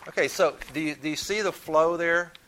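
A man's voice: on the high side, normal speed, bright, forceful tone. A man teaching a Bible study in a conversational way, often repeating words as he thinks and asking his listeners questions.

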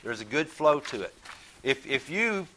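A man's voice: mid-range voice, very animated, a little slow, noisy background. A man teaching a Bible study in a conversational way, often repeating words as he thinks and asking his listeners questions.

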